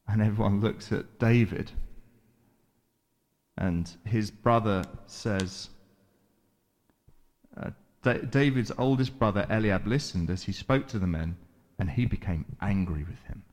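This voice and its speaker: A man preaching a sermon, retelling a Bible story with dramatic pauses, repeated words and voiced quotes from the characters. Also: on the low side, darkish tone. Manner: measured, deliberate delivery with repeated words.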